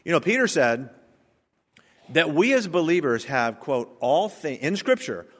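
A man preaching a sermon as pastor, emphatic, building to loud stressed peaks. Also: fairly high pitch, sing-song, measured pace. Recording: long hall reverb.

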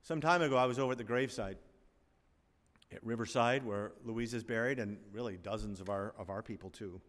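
A man, an older pastor, preaching a sermon, animated, swinging between loud emphasis and quiet asides. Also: fairly low pitch, fairly quick. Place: church sanctuary. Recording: long reverb of a large hall.

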